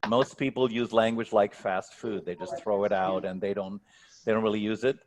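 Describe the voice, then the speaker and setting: A man's voice: lowish voice, steady tone, normal speed, noisy background. Man coaching on a video call. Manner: thoughtful, repeats words when starting sentences. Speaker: guest speaker and coach. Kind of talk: online workshop Q&A.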